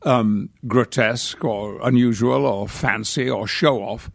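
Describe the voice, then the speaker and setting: Gravelly older man telling anecdotes. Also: mid-range voice, a little slow, no echo. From north of England. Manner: rambling anecdotes with hesitations. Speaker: podcast guest. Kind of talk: casual interview storytelling.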